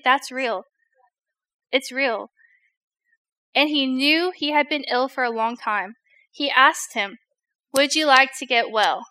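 Bright, chatty young woman giving a casual sermon. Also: high-pitched. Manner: chatty, filler-heavy, jokes with the audience. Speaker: youth group speaker. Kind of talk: casual sermon to a youth group.

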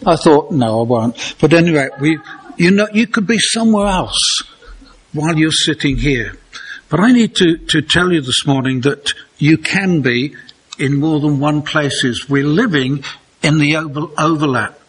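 A man's voice: fairly high pitch, measured pace, slightly rough. A man from England preaching a conversational sermon, talking directly to his congregation and asking them questions.

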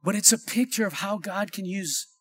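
A man's voice: sits high, normal speed, fairly bright tone, husky. A male pastor preaching a sermon, calling out "amen" and "come on" to the congregation. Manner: preaching with call-and-response, repeated "amen" and "come on". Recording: long hall reverb.

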